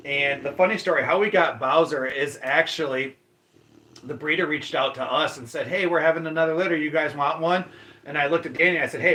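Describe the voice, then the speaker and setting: A man's voice: on the high side, sharp tone. Upbeat man hosting a dog livestream. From Michigan. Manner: chatty, upbeat, greets viewers by name. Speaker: livestream host. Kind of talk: casual livestream chat, reading viewer comments.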